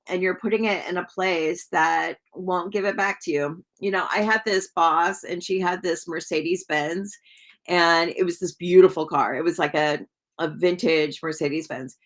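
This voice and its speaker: Her slightly bright, lowish voice carries a relaxed, rambling live tarot session full of fillers. As she reads, this tarot reader chats with her audience and calls out viewers by name.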